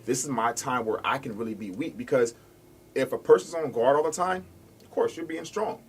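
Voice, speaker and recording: A man's voice: mid-range voice, a little fast, breathy edge. A male guest in casual chat, making his point with rhetorical questions in a persuasive way.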